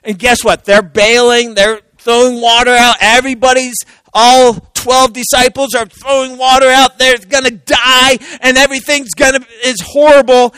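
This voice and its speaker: A man preaching with a high, bright voice that jumps between shouted exclamations and hushed asides. He acts out the voices in his story and laughs along the way. The sound is dry and close. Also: moderate pace, smooth, dry recording, poor audio. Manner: animated, swings from loud exclaiming to hushed near-whispers. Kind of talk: sermon.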